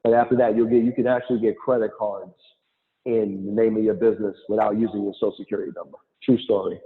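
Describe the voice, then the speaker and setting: Animated man on a tinny call line. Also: fairly low pitch, fast. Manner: animated, acts out quotes, laughs. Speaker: guest speaker. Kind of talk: lively motivational talk on an online call. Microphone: online call. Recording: tinny phone-like call audio.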